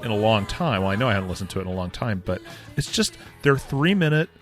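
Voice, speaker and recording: A man's voice: lowish voice, very animated, fast talker, music in the background. A man co-hosting a podcast, chatting casually with dry, wisecracking humor. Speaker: podcast co-host. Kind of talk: casual chat.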